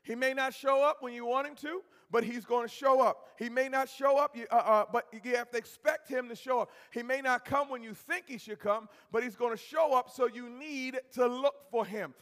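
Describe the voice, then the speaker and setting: A man preaching a sermon as pastor, impassioned, swinging from low tones up to shouts and calling out to his congregation. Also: steady tone, moderate pace, few pauses. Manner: call-and-response with congregation. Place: church sanctuary. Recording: long church-hall reverb.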